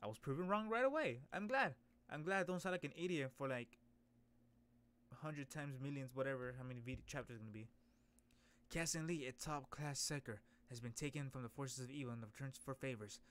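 A man streaming a casual comic readthrough, reacting excitably with gasps and exclamations. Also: medium pitch, brisk, smooth. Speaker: streamer reading a webtoon.

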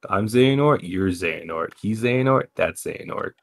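A man's voice: lowish voice, animated, moderate pace, vocal fry, slight background noise. A man hosting a casual gaming podcast, joking around and repeating lines for laughs. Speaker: podcast host. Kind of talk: casual chat.

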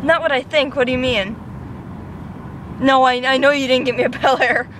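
A woman in casual chat, excitable and disbelieving, laughing easily. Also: high voice, normal speed, a little hiss or hum. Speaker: prank target.

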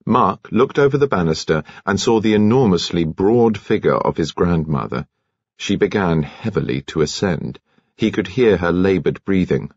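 A man narrating a mystery novel in a measured, expressive storytelling voice. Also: low-pitched, slightly rough, dry recording, lo-fi sound. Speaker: audiobook narrator.

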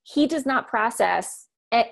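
This thirty-something communication coach has a fairly high, gravelly voice and takes her time as she speaks. She is emphatic and animated in the interview conversation, acting out quotes as she tells her stories.

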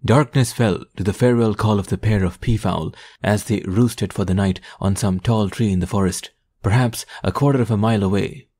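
A man narrating an adventure audiobook in a measured, descriptive storytelling manner. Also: lowish voice, dark tone. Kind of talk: scripted narration.

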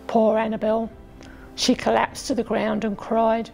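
A woman from England narrating a children's storybook aloud, gently voicing the characters' lines as she goes. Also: on the high side, completely flat delivery, a little slow, vocal fry, rough recording. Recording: faint music behind.

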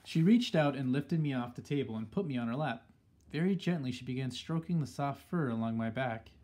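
A man reading a children's story aloud in a steady, plain storytelling manner. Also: mid-range voice, a little fast. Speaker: audiobook reader. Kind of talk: storybook narration.

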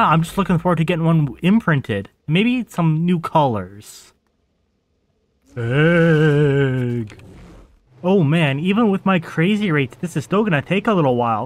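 A man's voice: a little high, animated, unhurried. A man hosting his own game channel, chatting casually to viewers as he plays and getting exasperated when things go wrong. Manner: chatty, easily exasperated, talks to the audience while playing. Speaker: gaming channel host. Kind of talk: casual let's-play commentary.

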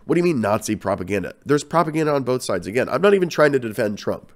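A man's voice: mid-range voice, fast talker. A man with a cold hosting a podcast, rambling and swearing through casual ranting commentary. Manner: rambling, profane, animated. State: has a cold. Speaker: podcast host and comedian.

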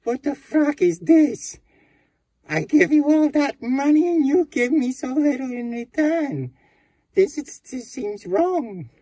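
A man voicing a tired, exasperated male traveler who swears loudly in drawn-out outbursts. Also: fairly high pitch, animated, slightly rough, no echo, pitched above the performer's own voice, exaggerated voice. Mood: furious. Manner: swearing, loud, slow outbursts.

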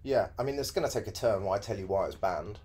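A man's voice: on the low side, expressive, fast, darkish tone. Laid-back man cracking dry jokes. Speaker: podcast host. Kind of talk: casual chat.

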